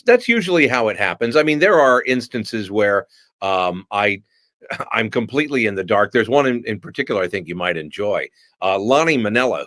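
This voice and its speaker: A middle-aged man, a voice actor, telling lively stories in an interview and slipping into different voices. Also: lowish voice, dry recording, studio quality. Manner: animated storyteller who slips into voices. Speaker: voice actor guest. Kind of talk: storytelling in a podcast interview.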